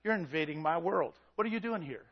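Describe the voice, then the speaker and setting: A man preaching an intense, shouted sermon who acts out the voices in his story. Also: fairly high pitch, expressive, a little fast, highs cut off. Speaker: pastor.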